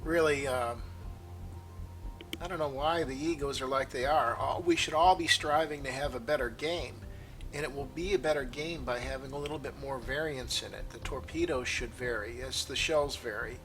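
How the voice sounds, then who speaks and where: A man's voice: mid-range voice, normal speed, music in the background. A man giving casual, rambling gameplay commentary, opinionated and full of fillers and restarts, with the hiccups. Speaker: gaming video creator.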